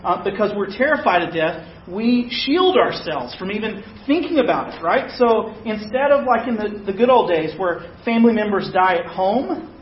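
A man's voice: high voice, animated, normal speed, slight background noise. A man preaching, telling a personal story in a conversational, self-deprecating way. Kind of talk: sermon storytelling. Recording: echoey, dull-sounding room recording.

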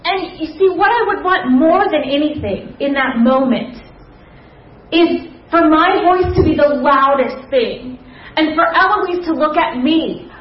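A young woman giving an earnest personal testimony at a church gathering, with soft fillers and a confiding manner. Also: high-pitched, expressive, measured pace, recorded from a distance. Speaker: church speaker sharing testimony. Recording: roomy hall, slightly dull sound.

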